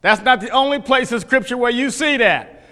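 A man's voice: very high-pitched, moderate pace, pushed and bright. A man teaching a Bible class, folksy, questioning his listeners, often restarting his sentences. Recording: echoey hall.

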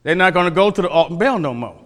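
A man's voice: sits high, expressive, quick pace. A male pastor teaching a sermon from scripture, emphatic, repeating phrases and quizzing the congregation. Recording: long hall reverb.

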